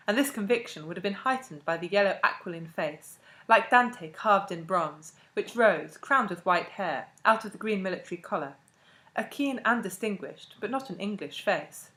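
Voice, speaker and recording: A woman narrating a classic novel as an audiobook, in a measured and expressive way. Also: medium pitch. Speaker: audiobook reader.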